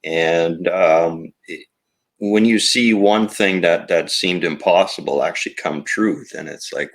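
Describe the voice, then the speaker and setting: Low-pitched male toy maker, reflective and rambling, casual interview guest. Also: unhurried. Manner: rambling and reflective, with many fillers. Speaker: toy company co-founder. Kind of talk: casual podcast conversation.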